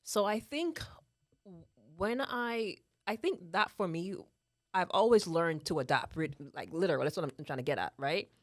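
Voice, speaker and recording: Low-voiced Jamaican woman, earnest chat. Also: lively intonation, normal speed, dry recording, clean studio sound. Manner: earnest, repeats herself, laughs often, tags "right?". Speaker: guest speaker. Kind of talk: casual talk.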